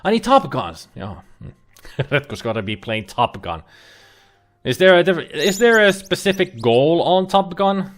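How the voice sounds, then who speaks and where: A let's play host jokes around casually while playing an old computer game, chatting and muttering asides over faint game music. His voice is a little high, very animated, and unhurried.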